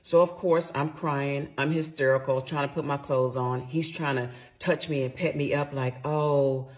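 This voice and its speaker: A middle-aged woman, telling a personal story to her viewers in a casual, animated and emphatic way. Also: a bass voice, normal speed.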